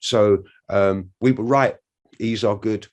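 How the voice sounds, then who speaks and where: A man's voice: on the low side, takes it slowly, dull audio. A man, telling an interview anecdote with energy and acting out the other voices in a cheeky way. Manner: energetic storyteller, acts out quoted voices, cheeky. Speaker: musician interviewee.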